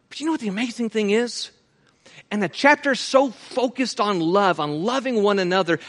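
Bright high-voiced male preacher. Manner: swings from loud urgent pleading to hushed low tones. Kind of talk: sermon. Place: church.

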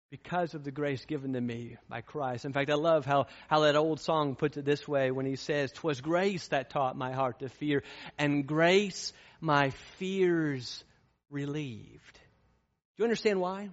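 Impassioned preacher in an echoing hall. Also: male voice, fairly high pitch, lo-fi sound. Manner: impassioned, rising to fervent peaks. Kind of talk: sermon.

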